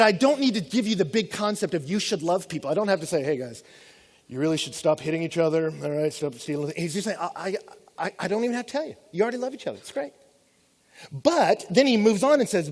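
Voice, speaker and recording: A high-voiced man delivers a sermon with lots of energy, switching into playful voices for the people he quotes. His voice rings out with a long reverb, as in a large church hall. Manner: animated, acts out quoted voices. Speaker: pastor.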